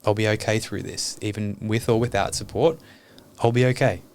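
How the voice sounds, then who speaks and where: A man's voice: fairly low pitch, fairly even intonation, moderate pace, a little hiss or hum. A man talking openly and earnestly as a podcast guest, reflecting on his life and swearing casually.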